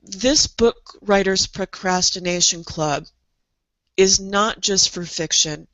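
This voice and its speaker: A woman's voice: lowish voice, a bit bright, dry recording, highs cut off. A middle-aged woman coaching aspiring writers in a motivational online presentation, speaking earnestly and leading guided imagery with repeated phrases. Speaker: creative coach.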